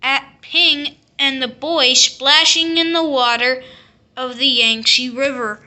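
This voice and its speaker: A woman reading a classic picture book aloud, telling the story slowly and expressively. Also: sits high, steady tone, sharp tone. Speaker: storybook reader.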